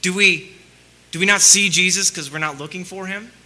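Man, pastor, sermon, very bright tone, rhetorical questions, loud-soft swings. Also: high-pitched, fairly even intonation, moderate pace.

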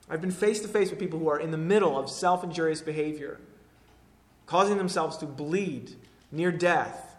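A man preaching a sermon, moving between hushed, intimate lines and loud, forceful declarations. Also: a little high, normal speed. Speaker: pastor.

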